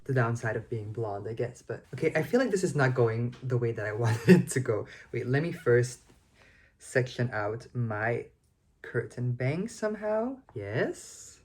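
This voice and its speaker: A woman's voice: extremely low pitch, animated, measured pace, darkish tone, slight background noise. A young woman in her twenties chatting casually to the camera in a vlog, self-deprecating and full of filler likes. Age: 20s. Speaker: vlogger.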